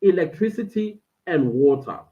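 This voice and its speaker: A woman's voice: on the low side, lively intonation, normal speed. A woman with a South African accent hosts a casual live stream, talking animatedly to her viewers and reading out chat comments from indoors. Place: friend's indoor den at home. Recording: tinny, phone-like stream audio.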